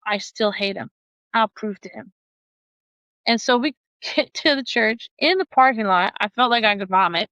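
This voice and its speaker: Speaking at a moderate pace in a fairly high voice, a woman podcast guest animatedly recounts a personal story, frequently laughing and mimicking others' voices, with no echo.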